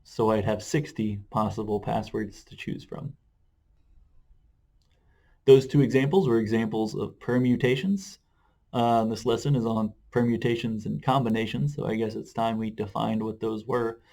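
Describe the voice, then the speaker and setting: A man explaining math in a video lesson, relaxed, with frequent "uh" fillers. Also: fairly low pitch, normal speed, gravelly. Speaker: math teacher.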